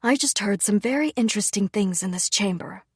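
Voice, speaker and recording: A woman voicing a calm, cold young prince who speaks in a quiet, measured, commanding way. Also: mid-range voice, breathy edge, no room sound, studio quality, lightly acted. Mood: coldly commanding.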